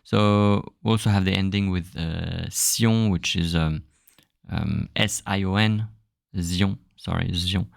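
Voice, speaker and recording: A man with a French accent, a native French speaker, hosting a casual podcast lesson and repeating sounds aloud in a halting way. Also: sits low, fairly even intonation, creaky, no room sound, studio quality. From France. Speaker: language teacher podcast host.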